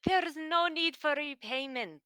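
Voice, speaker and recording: A woman's voice: sits high, expressive, a little slow, sharp tone. A woman playing a tabletop game, talking casually and matter-of-factly. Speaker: player. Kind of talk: casual chat.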